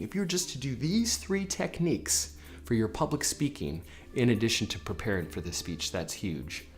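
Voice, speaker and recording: A man giving a motivational lesson on public speaking, energetic and often repeating his words. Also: on the low side. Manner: energetic, repeats words, acts out chanted affirmations. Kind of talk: motivational talk to camera.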